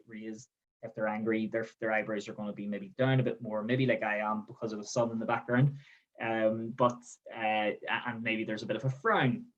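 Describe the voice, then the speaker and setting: A man's voice: medium pitch, low-quality recording. A man giving a training webinar, explaining step by step and checking in with the listener with a frequent "okay?". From Northern Ireland. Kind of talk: webinar presentation. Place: outdoors in the sun.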